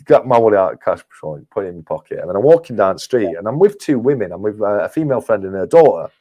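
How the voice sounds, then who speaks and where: A man's voice: on the low side, expressive, fast talker, dark tone. A man with an English accent, a guest on a livestream, telling a casual anecdote and laughing as he goes. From England. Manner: chatty, laughs through his anecdotes. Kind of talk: casual storytelling.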